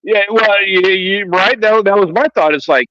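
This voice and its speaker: A man's voice: high voice, moderate pace, sharp tone, dry recording, highs cut off. A man co-hosting a casual chat, telling a profane story. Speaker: co-host.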